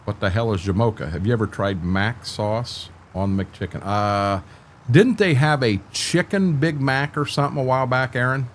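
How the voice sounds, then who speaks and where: A man's voice: medium pitch, normal speed, a little hiss or hum. Folksy older man streaming a farm game. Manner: easygoing, rambling, folksy talk. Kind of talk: casual game-stream chat.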